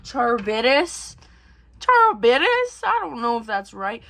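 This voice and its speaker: A woman's voice: on the high side, fairly bright tone, slight background noise. Rambling young woman recapping a movie. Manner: rambling and profane, acts out characters in quick bursts. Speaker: vlogger.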